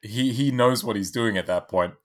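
A man's voice: lowish voice, moderate pace. Swearing, upbeat podcast co-host man. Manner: enthusiastic, swears freely, jokey. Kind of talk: casual movie-review chat.

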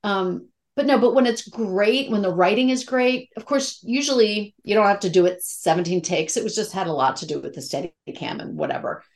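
Candid, emotional actress talking shop. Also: female voice, mid-range voice, a little fast, hardly any pauses. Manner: candid, emotional, many fillers and restarts. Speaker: actress guest. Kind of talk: casual interview chat.

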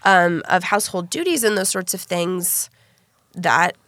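A woman hosting a casual chat, animated and candid, swearing freely. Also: lowish voice, unhurried, no room sound, studio quality.

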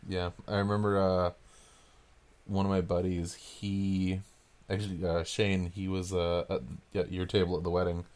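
A man in his thirties with a very low voice, trading podcast banter. His storytelling is crude and jokey. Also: level tone, moderate pace, a little mellow. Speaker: podcast co-host. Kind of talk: casual chat.

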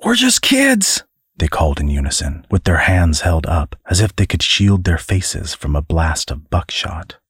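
A man hosting and narrating a serialized story with an expressive, dramatic reading. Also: extremely low pitch, moderate pace, few pauses, husky, no echo, clean studio sound. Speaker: podcast host and narrator.

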